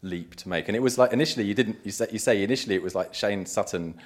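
A man's voice: on the low side, racing. A man interviewing a guest at a live event, asking long, wandering questions with many restarts.

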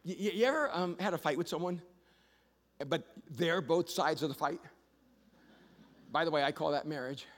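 High-voiced animated pastor in a hall. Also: male voice, normal speed, long pauses. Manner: animated storyteller, rising to shouts. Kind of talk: sermon. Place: church auditorium. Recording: long reverb of a large hall.

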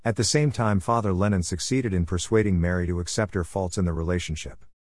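A man with a lowish voice narrates a story, steady and measured. The sound is dry and close, with no room around it. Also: no room sound.

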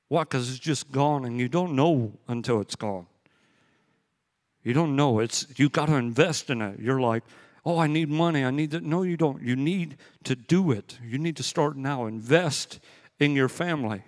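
A man preaching a sermon as pastor, telling stories in a conversational way and hammering points home by repeating them. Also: medium pitch. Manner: conversational storytelling with emphatic repetition. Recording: long hall reverb.

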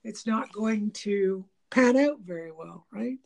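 A woman with a gravelly, low-key mellow voice talks in a loose, rambling way, full of fillers and restarts. She laughs often and acts out little snippets of dialogue as she goes. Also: takes it slowly. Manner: animated, laughing, mimics dialogue. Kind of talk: casual conversation about relationships.

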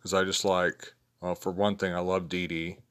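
A man with a very low voice chats casually, ranking his favorites in a loose, rambling way. He is in his fifties and often restarts his sentences and fills pauses with ums. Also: flat delivery, a bit bright, smooth. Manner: rambling, low-key, many fillers and restarts. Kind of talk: casual spoken list of favorites.

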